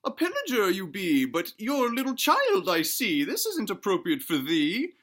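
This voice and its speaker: A man voicing a prim, scolding old grandmother spirit in comedic storytelling, in a high, quavering, old-fashioned manner. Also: wildly swooping pitch, moderate pace, a bit bright, heavily acted.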